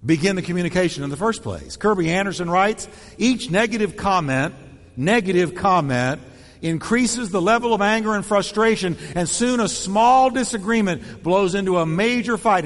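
A man preaching a sermon in an animated way, acting out quoted voices with shifting tone and pace. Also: high-pitched, long reverb tail. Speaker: pastor.

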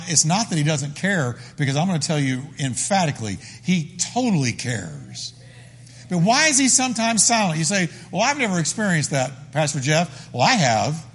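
A man's voice: sits high, a bit bright, long reverb tail. A man preaching a sermon as the pastor, emphatic and full of repeated phrases.

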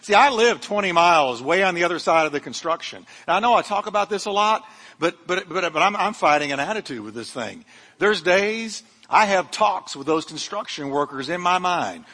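A man's voice: a little high, expressive, fairly quick, sharp tone. Man preaching in an echoing church. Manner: fervent preaching with humorous asides. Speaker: pastor. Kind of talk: sermon. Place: church sanctuary.

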